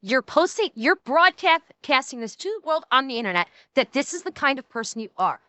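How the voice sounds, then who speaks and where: A woman's voice: high voice, big pitch swings, normal speed, bright, forceful tone, clean tone, no echo. A woman streamer in a heated, profane live reaction rant, talking into a desk microphone. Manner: angry, profane, heated ranting.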